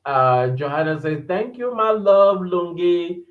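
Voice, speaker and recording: A man with a fairly high voice talks slowly and casually on a live stream, laughing a lot as he reads out viewer comments. The sound bounces around an echoey room. The audio is dull and lo-fi. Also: lively intonation. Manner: chatty, laughs often, greets viewers by name. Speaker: podcast host reading live chat. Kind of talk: casual livestream chat.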